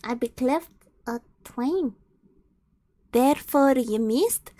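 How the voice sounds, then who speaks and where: A taunting, gloating brute of an ogre, loud and mocking, as a woman reads him out in a storybook voice. His voice sits a little lower and pushes harder than the reader's own, in a dry, close sound. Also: slow, dry recording. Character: brutish taunting male ogre.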